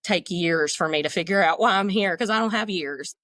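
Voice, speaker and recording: A middle-aged woman with a lowish voice speaks candidly as a guest, rambling frankly and poking fun at herself. The sound is dry and close, with no room around it. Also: brisk, fairly bright tone, dry recording. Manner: frank, talkative, self-deprecating. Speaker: guest, leadership coach. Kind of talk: candid conversational storytelling.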